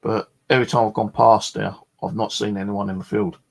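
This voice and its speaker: A man's voice: on the low side, level tone, a little fast, vocal fry. A man chatting casually in a vlog, a rambling storyteller full of fillers and the odd swear word. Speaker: vlogger.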